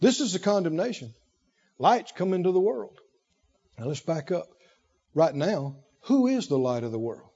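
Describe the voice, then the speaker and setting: A man preaching a sermon with animated, rhythmic repetition and emphatic phrasing. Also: high-pitched, normal speed, long pauses, breathy edge, lo-fi sound.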